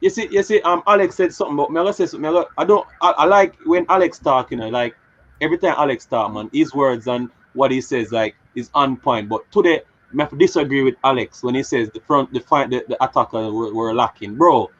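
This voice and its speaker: A hoarse man on a fan panel, talking fast and breathlessly in an excited match reaction. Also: medium pitch. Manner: rapid, breathless, hoarse from shouting. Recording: dull lo-fi audio.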